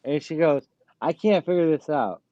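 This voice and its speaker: A man hosts a casual live-stream chat in a mellow, fairly high voice at a moderate pace, recorded lo-fi with no echo. Blunt and boastful, he swears a lot and brags about running on little sleep.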